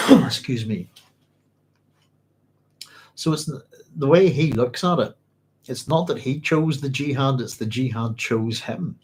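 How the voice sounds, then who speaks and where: A man's voice: medium pitch, unhurried, long pauses. A man hosting a live-streamed book club, reading passages aloud, then musing informally and answering viewers' comments.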